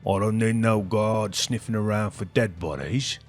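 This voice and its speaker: A man voicing a surly, cigar-chewing crime boss who speaks in a slow, sneering way. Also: lowish voice, faint music behind, lightly acted.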